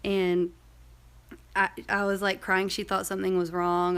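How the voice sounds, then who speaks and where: Chatty woman with a gravelly edge. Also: lowish voice, flat delivery, measured pace, a bit bright. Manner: chatty, rambling, many fillers and asides. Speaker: vlogger. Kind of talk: casual storytelling vlog.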